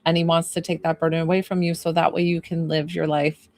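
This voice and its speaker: Emotional, low-voiced woman medium. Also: flat delivery, brisk, darkish tone, no echo. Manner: emotional, talks in long, rambling run-on sentences; relays messages as she hears them, quoting the spirit. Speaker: psychic medium. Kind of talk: livestream reading.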